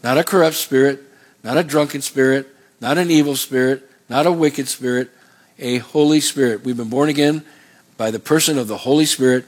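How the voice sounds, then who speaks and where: A man's voice: mid-range voice, moderate pace. A middle-aged man preaching a sermon, emphatic and rhythmic, asking the congregation to finish his lines. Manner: emphatic preaching, call-and-response questions. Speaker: pastor.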